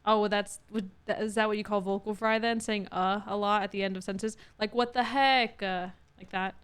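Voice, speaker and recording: A woman with a Californian Valley Girl accent, chatting casually with her viewers while playing a game. She says "like" a lot, with upward inflection and a touch of vocal fry. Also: medium pitch, level tone, brisk. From California, USA. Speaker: gaming streamer. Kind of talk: casual let's-play chat with viewers.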